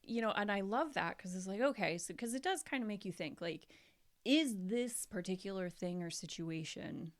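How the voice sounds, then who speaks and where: A woman co-hosting a casual podcast chat, talking in an animated, chatty way and acting out what people say. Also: medium pitch, normal speed. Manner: chatty, animated, acts out quoted voices. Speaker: podcast co-host.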